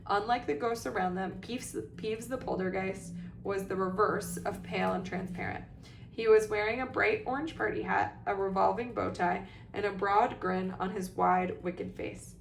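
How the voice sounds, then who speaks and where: Woman reading a story, gravelly. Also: mid-range voice, fairly even intonation, moderate pace, echoey room, slight background noise. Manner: plain storytelling. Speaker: narrator. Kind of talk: audiobook reading.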